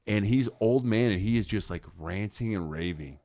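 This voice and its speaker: A man's voice: lowish voice, animated, normal speed, warm tone, no room sound, studio quality. A young man co-hosting a podcast, telling long, rambling stories full of fillers and acted-out quotes. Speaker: podcast co-host. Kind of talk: casual storytelling chat.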